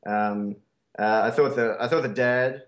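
A man's voice: medium pitch, steady tone, measured pace, lo-fi sound. A man with an Australian accent in casual podcast chat, talking with many fillers and restarts.

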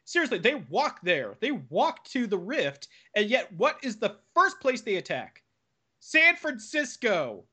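Sarcastic ranting voice, bright and lively. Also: medium pitch, normal speed, hardly any pauses, husky. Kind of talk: casual chat.

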